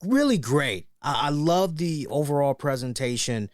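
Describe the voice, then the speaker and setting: Animated, joking male wrestling show host. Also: fairly high pitch, moderate pace, dry recording, clean studio sound. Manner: animated and joking, often tags lines with "right?". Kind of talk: casual wrestling review commentary.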